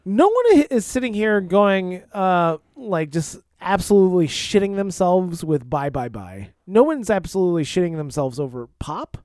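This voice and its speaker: A podcast co-host in casual banter, teasing and halting, with lots of fillers. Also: medium pitch, expressive, a little mellow, no echo, clean studio sound.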